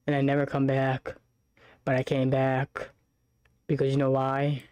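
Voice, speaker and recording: A woman livestreamer joking and reacting in a casual stream, with loud outbursts and swearing. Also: extremely low pitch, monotone, unhurried, long pauses, clean tone, no echo, lo-fi sound.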